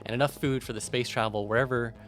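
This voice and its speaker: Gentle, sorrowful alien shopkeeper in a video game, soft and confiding, read by a man. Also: medium pitch, fairly even intonation, fast talker, lightly acted.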